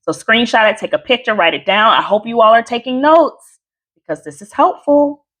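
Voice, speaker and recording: A woman coach teaching a live workshop on handling anger, chatty and animated, with asides and quick laughs. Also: on the high side, breathy edge.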